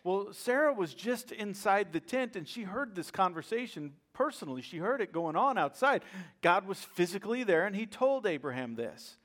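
A man preaching a sermon as a pastor, telling a story in a lively way and often checking in with "right?". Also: sits high, normal speed. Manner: acts out quoted voices with bursts of laughter.

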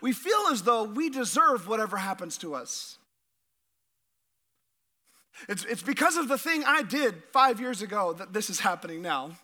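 A middle-aged pastor preaches a sermon with lots of energy, repeating words often and putting questions to the congregation. His voice sits high and moves a little fast.

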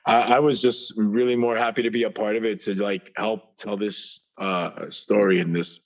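A man's voice: fairly low pitch, fairly even intonation, normal speed. A man, an actor guest on a podcast, chatting casually and enthusiastically about movies, with lots of restarts. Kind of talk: casual chat.

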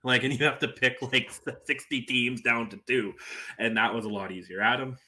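A man's voice: mid-range voice, fairly even intonation, normal speed, sharp tone. A man co-hosting a casual sports podcast, rambling and self-deprecating, full of "like" fillers. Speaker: podcast co-host. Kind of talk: casual sports roundtable chat.

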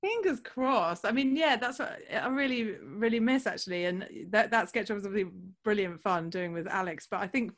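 A woman's voice: medium pitch, normal speed, hardly any pauses, a bit bright. Giggly, chatty English woman. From England. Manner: giggly, chatty, many fillers. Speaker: comedy voice actor, guest. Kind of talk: casual interview chat.

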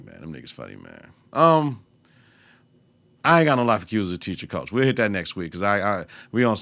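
Man podcast host, young adult, gravelly, dry close sound, loud and profane with bursts of laughter. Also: fairly low pitch, dry recording. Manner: animated, profane, laughing storyteller. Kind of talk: casual solo podcast rant.

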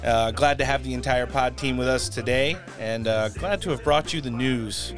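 A man's voice: medium pitch, over music. A man hosting a political podcast, chatting and reading his sign-off and sponsor spots. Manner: brisk sign-off with ad reads. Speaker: podcast host. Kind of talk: casual political podcast chat.

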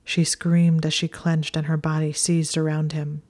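A woman reading a story aloud in a soft, hushed, steady whisper. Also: low voice, measured pace. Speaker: narrator.

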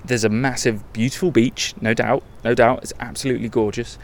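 A man's voice: medium pitch, fairly even intonation, fairly quick. A young man hosting a podcast, talking candidly in a rambling, self-correcting monologue. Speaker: podcast host. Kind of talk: casual travel podcast monologue.

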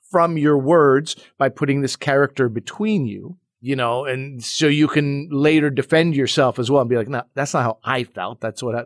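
A man's voice: medium pitch, no echo. Man talking on a dry mic. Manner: relaxed, reflective, frequent "you know" asides. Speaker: comedy teacher. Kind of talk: casual podcast conversation.

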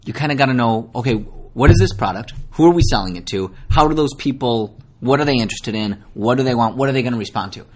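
A young man from Minnesota, an actor guest in a casual interview, talking in an animated, self-deprecating way with many restarts. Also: mid-range voice, quick pace, hardly any pauses.

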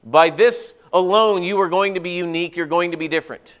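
A man's voice: high voice, fairly quick, fairly bright tone, smooth. A man, a pastor, delivering a sermon in an earnest, conversational way with folksy asides and prayer.

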